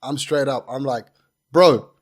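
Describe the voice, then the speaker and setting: Animated young man telling a story. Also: fairly high pitch, normal speed. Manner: animated, swearing, repeats phrases. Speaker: guest. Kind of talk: casual storytelling.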